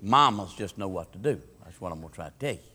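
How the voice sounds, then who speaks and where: A man preaching a sermon, moving between shouted, fervent lines and folksy stories. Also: low-pitched, expressive, fast, slightly rough. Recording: long hall reverb.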